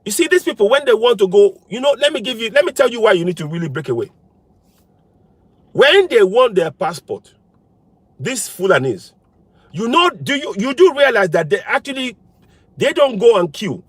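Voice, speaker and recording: A man with a high voice, delivering a fervent political monologue full of pointed, repeated questions. His pitch swings widely as he presses each point home. He is recorded close and dry. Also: very animated, normal speed, pauses often, breathy edge, dry recording. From Nigeria. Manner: fires repeated rhetorical questions, insistent and emphatic. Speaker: political commentator.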